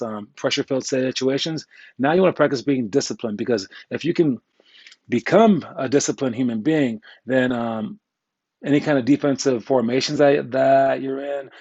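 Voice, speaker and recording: Husky-voiced joking basketball coach. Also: male voice, mid-range voice, a little mellow, no room sound, dull audio. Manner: candid, joking, rambling, uses slang. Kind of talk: casual instructional talk.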